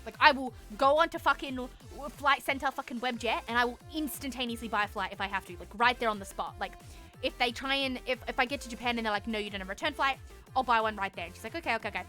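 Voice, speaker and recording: Bright high-voiced woman. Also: fast, faint music behind. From Australia. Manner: animated, swears freely, acts out both sides of the story. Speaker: streamer. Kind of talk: casual storytelling to stream chat.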